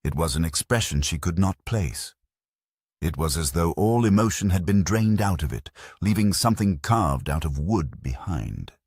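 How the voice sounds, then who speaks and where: A man narrates a mystery novel in an extremely deep, husky voice. His reading is measured, with lively rises and falls. The sound is dry and close. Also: dry recording. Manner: measured storytelling delivery. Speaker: audiobook narrator.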